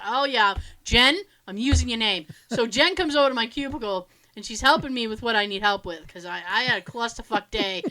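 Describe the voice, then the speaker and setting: A woman co-hosting a podcast, telling animated stories in casual chat, swearing freely and laughing often. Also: fairly high pitch. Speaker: podcast co-host.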